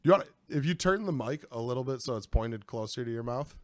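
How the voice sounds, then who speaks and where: A man's voice: medium pitch, expressive, fast, no room sound, clean studio sound. A young man hosting a casual podcast from a room in his house, rambling and laughing often. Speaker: podcast host. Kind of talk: casual chat.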